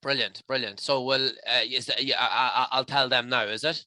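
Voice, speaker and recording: A man's voice: medium pitch, fairly even intonation, moderate pace, sharp tone, no echo. An emotional, passionate Irish man talking as a podcast guest in rambling, heartfelt casual chat. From Ireland.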